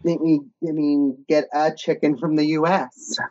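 A man's voice: fairly high pitch, fairly even intonation, moderate pace, warm tone. Playful guy reading chat comments, kinda muffled lo-fi sound. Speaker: podcast co-host. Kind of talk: casual recap chat. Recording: dull lo-fi audio.

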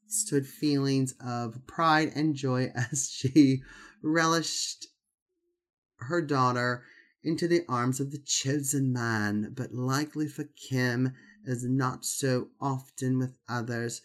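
A genteel British society woman reads out a letter in a posh, careful voice, performed by a man putting on the accent. The delivery is prim and a little halting, with the odd trip over a word. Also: mid-range voice, pitched below the performer's own voice, close to an everyday voice. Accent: put-on British. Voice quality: put-on posh accent, stumbling over words.

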